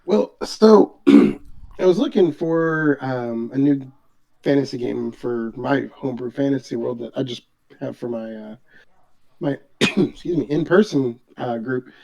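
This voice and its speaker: A man's voice: a little high, a little mellow. A man who is a guest on a casual interview over a video call, talking in a hesitant way with many restarts. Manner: hesitant, full of fillers and restarts. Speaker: guest, game book author. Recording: dull lo-fi call audio.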